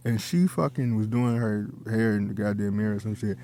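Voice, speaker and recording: A man's voice: on the low side, steady tone, brisk, few pauses, dry recording. A man telling a personal story in a casual, heated monologue, swearing often and repeating himself as he goes.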